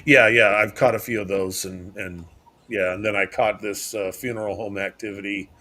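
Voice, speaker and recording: A man's voice: fairly low pitch, steady tone, normal speed, bright, forceful tone. Guy co-hosting a podcast, hesitant, lots of um and you know, casual chat. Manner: hesitant, many fillers and restarts. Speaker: podcast co-host. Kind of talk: casual chat reacting to videos.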